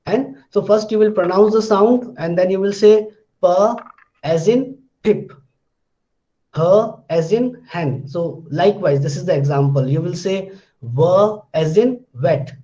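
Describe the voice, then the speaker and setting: A man teaching an online pronunciation lesson, explaining steadily and repeating sample words slowly for his students. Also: high-pitched, expressive, warm tone, highs cut off.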